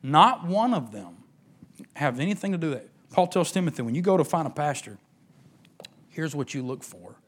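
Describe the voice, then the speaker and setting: A man's voice: a little high, very animated, normal speed. Emphatic preacher man. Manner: emphatic preaching with sudden drops to a near whisper. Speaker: pastor. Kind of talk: sermon.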